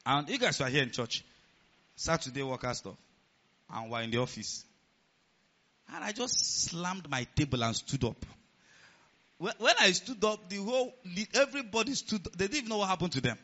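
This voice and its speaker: A man preaching a sermon as pastor of a church, animated and rising to near-shouts. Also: sits high, moderate pace, long pauses. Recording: dull lo-fi sound.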